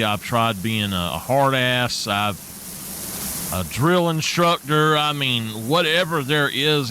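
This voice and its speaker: A man's voice: mid-range voice, sharp tone, slight background noise. A man, chatting while live-streaming a game and venting in an exasperated way.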